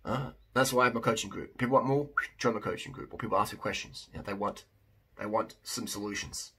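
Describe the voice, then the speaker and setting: Blunt vlogger guy, super raspy voice, kinda low, keeps restarting sentences. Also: fast, a bit bright. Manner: emphatic, rambling, with many restarts. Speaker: fitness vlogger and coach. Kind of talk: casual monologue to camera.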